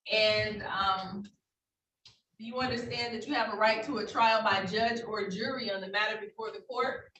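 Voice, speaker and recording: A woman's voice: medium pitch, fairly even intonation, normal speed, a bit bright. Woman judge reading court procedure, formal and patient, echoey courtroom, faint background noise. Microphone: video call. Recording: roomy, distant, faint noise.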